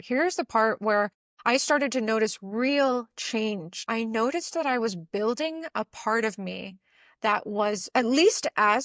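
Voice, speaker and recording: A woman relationship coach speaking in a calm, earnest, soothing podcast monologue, now and then swearing casually. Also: on the high side, no room sound, studio quality.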